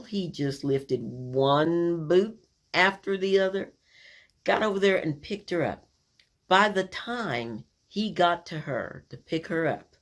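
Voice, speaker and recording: Woman telling a family story. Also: deep voice. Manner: earnest, animated retelling with quoted voices. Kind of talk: personal storytelling.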